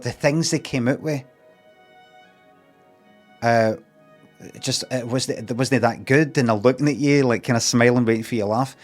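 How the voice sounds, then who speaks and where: A middle-aged Glaswegian man talks in a loose, rambling deadpan on a livestream, his voice sitting at an ordinary middle pitch. Now and then he jumps into little acted-out exchanges. Soft music plays faintly underneath. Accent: Scottish, Glaswegian. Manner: rambling, deadpan, acts out mock dialogue in a raised voice. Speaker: streamer. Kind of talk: casual livestream chat with chat readers.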